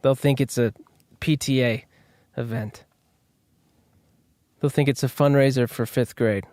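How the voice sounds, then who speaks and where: Smooth-voiced man rambling in a monologue. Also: medium pitch, steady tone, measured pace, darkish tone, dry recording. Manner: rambling, self-deprecating, swears freely. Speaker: host. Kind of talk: casual monologue.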